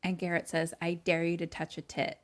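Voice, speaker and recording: Mujer de voz algo grave narrando una película. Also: female voice, lowish voice, completely flat delivery, fairly quick. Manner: retells scenes with acted-out quotes, laughs often. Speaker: podcast co-host recapping a movie. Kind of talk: casual movie recap chat.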